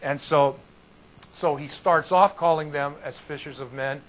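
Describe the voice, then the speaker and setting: A man teaching as a pastor in an informal Bible study, talking in a folksy, animated way and often restarting his sentences. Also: a little high, unhurried, poor audio.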